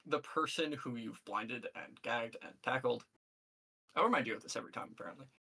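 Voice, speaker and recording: A man narrating as game master of a tabletop game over a voice call, relaxed and hesitant, with many fillers. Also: mid-range voice, brisk, creaky, breathy edge, poor audio.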